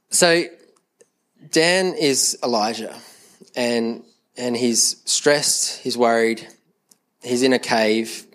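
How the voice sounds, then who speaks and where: A man's voice: medium pitch, fairly bright tone. A man preaching a sermon in a conversational way, often repeating words as he restarts a thought, with light humor toward the congregation. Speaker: pastor. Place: church service.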